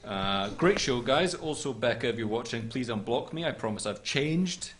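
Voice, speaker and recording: A man's voice: mid-range voice, animated, moderate pace, fairly bright tone. A man hosting a comedy talk show, reading viewer notes in a dry, mock-formal way.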